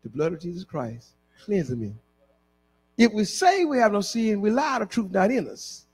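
A man's voice: sits high, very animated, moderate pace, slightly rough, soft background music. A male pastor preaching a sermon, breaking into a chanting, half-sung climax with repeated refrains.

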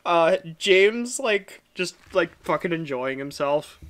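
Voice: medium pitch, animated, slow, fairly bright tone. A podcast co-host rambling casually about a children's book, giggly and sweary. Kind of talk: casual book club chat.

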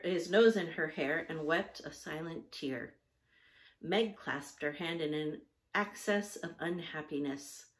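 Slow, low-voiced woman reading a storybook. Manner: patient, teacherly, spells out words. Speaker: reader. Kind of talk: storybook read-aloud with spelling breaks.

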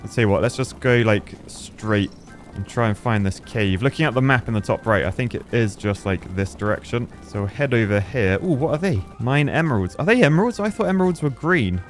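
A man giving casual, excitable gameplay commentary, chatting and exclaiming at what he finds. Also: lowish voice, moderate pace, faint music behind. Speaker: gaming YouTuber.

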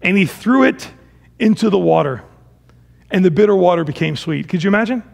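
Gravelly, high-voiced man preaching. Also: expressive, a little fast. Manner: dramatic, swings between loud emphasis and hushed low phrases; acts out the Israelites' complaints in a casual voice. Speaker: pastor. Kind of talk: sermon.

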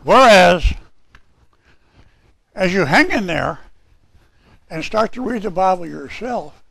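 A man's voice: high-pitched, vocal fry, fairly bright tone, slightly rough. A male pastor preaching a sermon, emphatic and repeating his key phrases.

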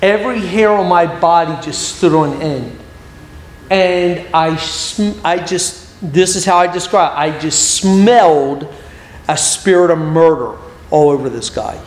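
A middle-aged man, an evangelist, telling a story in a sermon with lively humorous asides, recorded in a church hall. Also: a little high, a little slow. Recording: very echoey hall, faint ambience.

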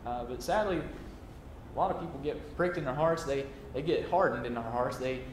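A man's voice: medium pitch, moderate pace, a little hiss or hum. A man preaching a sermon in a folksy, chuckling way, with many fillers and restarts. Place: church sanctuary. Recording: echoey church room.

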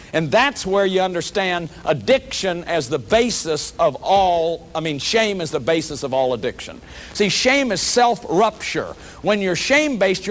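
A man's voice: sits high, fairly bright tone. A man giving a public lecture on shame and recovery, earnest and conversational, often repeating himself and saying "you see" to the audience.

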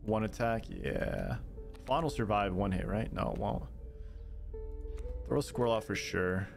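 Gravelly streamer thinking aloud. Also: male voice, on the low side, measured pace. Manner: thinks aloud, reacts excitedly, chats with viewers. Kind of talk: casual gameplay commentary. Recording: clear music playing behind the voice.

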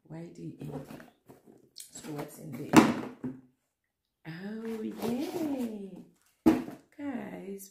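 Young woman vlogger, gushing unboxing chat, unhurried delivery, echoey room. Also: lowish voice, creaky. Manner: gushing, excited, talks straight to viewers. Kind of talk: casual unboxing vlog. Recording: echoey room with faint noise.

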